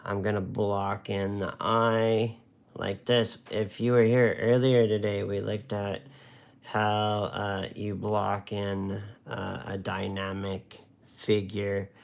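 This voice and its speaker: A man's voice: lowish voice, flat delivery, slow pace, vocal fry, lo-fi sound. A man teaching watercolor on a live stream, chatting and joking as he draws. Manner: joking, rambling, talks while drawing. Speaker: watercolor art instructor. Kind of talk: casual live-stream art lesson.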